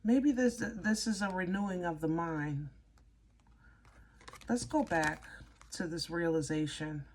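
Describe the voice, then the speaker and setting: A woman giving a casual tarot reading, chatty and easily excited, rambling and restarting as she talks through the cards. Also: lowish voice, slow, long pauses. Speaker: tarot reader.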